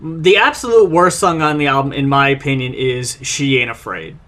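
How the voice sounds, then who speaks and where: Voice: mid-range voice, normal speed, a bit bright. A co-host on a casual album review podcast, giving blunt, dry opinions. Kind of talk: casual comedic review chat.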